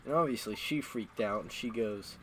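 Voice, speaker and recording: A man with a fairly low voice tells crude, self-mocking stories while streaming a game. He rambles along casually in a loose storytelling way, with a faint hiss under the voice. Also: normal speed, low-quality recording.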